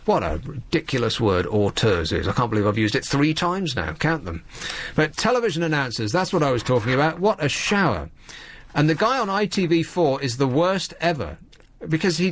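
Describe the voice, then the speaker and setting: A man, hosting a radio show in a wry, rambling, sardonic monologue. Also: on the high side. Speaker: radio host. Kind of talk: late-night radio monologue.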